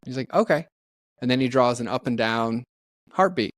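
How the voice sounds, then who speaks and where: A man's voice: mid-range voice, a little fast, no echo. A man speaking as a podcast guest, telling candid, heartfelt stories in a casual way. He acts out the people in his stories and often says "like". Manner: peppers speech with "like". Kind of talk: candid conversational storytelling.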